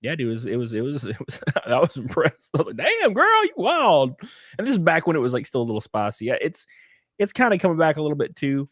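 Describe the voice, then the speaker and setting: A man's voice: mid-range voice, animated, quick pace, no echo, clean studio sound. A man chatting loosely and crudely as a guest on a podcast over a video call. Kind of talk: casual chat.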